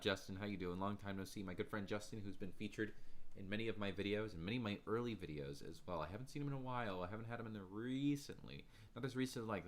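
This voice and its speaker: An energetic man hosts a relaxed livestream from his home. He chats freely with his viewers and laughs often. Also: lowish voice. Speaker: livestream host. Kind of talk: casual livestream chat.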